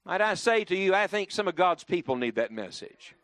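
Preacher, man, lively swooping delivery, slightly high voice, dry close sound. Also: brisk, dry recording. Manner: lively, rising and dropping emphatically, leading the congregation in call-and-response. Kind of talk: sermon. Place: church before a congregation.

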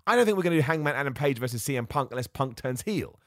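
Excitable man on a solo podcast. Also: mid-range voice, very fast, no echo, clean studio sound. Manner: excitable, self-mocking, jumps between ideas. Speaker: podcast host.

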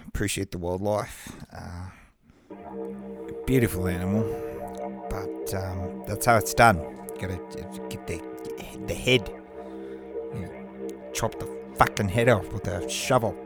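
A low-pitched, blunt Aussie bloke, cheerfully crude and matter-of-fact, as a man puts the accent on. Music plays clearly behind him. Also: expressive, unhurried, pauses often. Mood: hearty. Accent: put-on Australian. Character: brash swearing Australian bloke.

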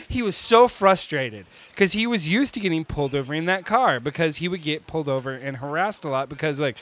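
A man in his forties telling a long story casually, animated and laughing often, with lots of filler words. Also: high voice, normal speed, few pauses, no room sound.

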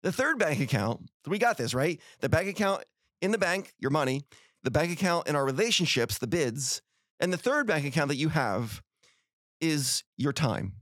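A man's voice: fairly high pitch, sing-song, moderate pace, a bit bright, no room sound, studio quality. A middle-aged man hosting a podcast, giving an earnest, folksy motivational talk full of rhetorical questions. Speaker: podcast host.

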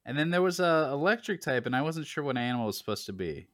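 A man hosting a casual gaming podcast, relaxed and joking, with lots of fillers. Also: fairly high pitch, fast, no echo. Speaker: podcast host.

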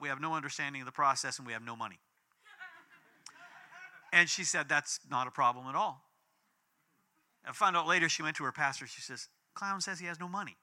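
A man in his fifties preaching a sermon, telling a personal story with big swings between loud and hushed. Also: slight background noise. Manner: animated storytelling with big swings in pitch and volume. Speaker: pastor.

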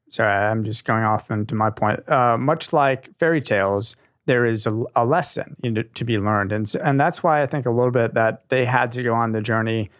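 An enthusiastic young man chatting on a podcast, rambling from one point to the next. His voice sits at a middle pitch, and the sound is dry and close with no room echo. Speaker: podcast co-host. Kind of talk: casual podcast chat.

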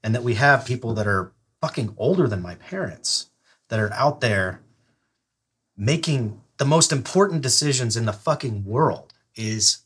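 A man's voice: mid-range voice, lively intonation, normal speed, a bit bright, slightly rough. A man, an army veteran and podcast guest, talking bluntly in casual chat with many restarts. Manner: blunt, swears, hesitant restarts.

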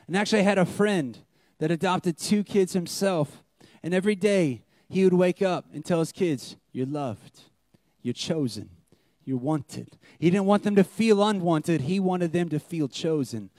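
A young man preaching a sermon as pastor, animated, swinging between loud emphasis and hushed, intimate lines. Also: high-pitched, moderate pace, no echo, studio quality.

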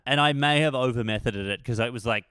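A man co-hosting a casual podcast chat, an animated storyteller who tells about his voice acting auditions. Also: medium pitch, fast, clean tone, no echo, clean studio sound. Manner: animated storyteller, lively retellings. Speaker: podcast co-host and voice actor.

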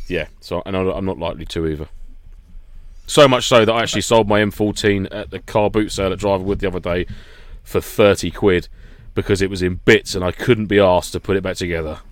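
A man's voice: deep voice, a little fast, dry recording. A man telling stories in casual podcast chat, swearing freely and laughing often. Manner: animated storyteller, swears, laughs a lot.

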